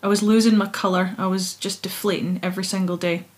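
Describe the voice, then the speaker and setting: A woman's voice: medium pitch, flat delivery, fast talker. A young Scottish woman, a singer-songwriter, chatting expressively as a guest in an interview and laughing easily. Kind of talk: casual interview chat.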